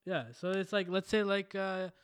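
A man's voice: sits high, little pitch movement, moderate pace, clear, resonant tone, dry recording, studio quality. A young man with an anglophone Montreal accent, chatting in a laid-back way on a podcast and swearing casually. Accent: anglophone Montreal English. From Montreal, Canada. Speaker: podcast co-host. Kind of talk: casual chat.

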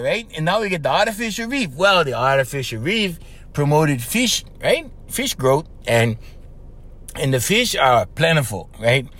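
Speaking in a high, slightly bright voice, a middle-aged man from Hawaii runs a relaxed one-man podcast in Hawaiian Pidgin-tinged English. He wanders from point to point, laughing and tacking on "right?" or "okay?".

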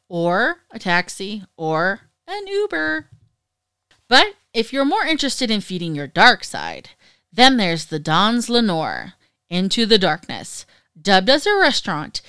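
A woman's voice: medium pitch, a bit bright, smooth, dry recording, studio quality. A woman giving casual travel tips in a chatty, playful way, joking about her own mispronunciations. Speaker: travel vlogger. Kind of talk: casual travel guide talk.

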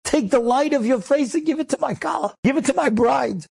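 A man's voice: a little high, steady tone, quick pace, a little mellow, breathy edge, no echo. A man voicing a young groom who prays tearfully and pleads for his bride. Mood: pleading.

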